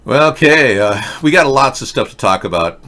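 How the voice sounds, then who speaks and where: A man's voice: mid-range voice, lively intonation, moderate pace, pushed and bright. A man hosting a livestream political rant, sarcastic, mocking and rambling as he talks to his chat. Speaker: host.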